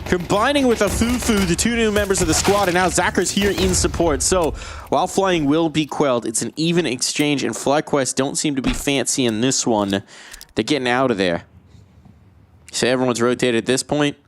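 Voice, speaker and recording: A man casting esports play-by-play, excitable and jokey, his voice leaping up on big plays. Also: on the high side, normal speed, slight background noise. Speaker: esports caster. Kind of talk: play-by-play commentary.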